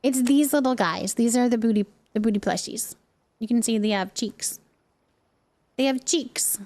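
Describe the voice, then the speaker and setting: A woman's voice: fairly high pitch, moderate pace, a little mellow. A woman in her thirties, a mother, chatting casually with her viewers on a live stream while she plays a game, laughing often. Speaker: livestreamer and mother.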